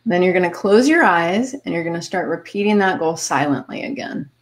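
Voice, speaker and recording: A woman hosting a podcast, calmly guiding listeners step by step through a visualization exercise. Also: fairly low pitch, brisk. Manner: calm, step-by-step coaching with light laughs. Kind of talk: guided visualization instructions.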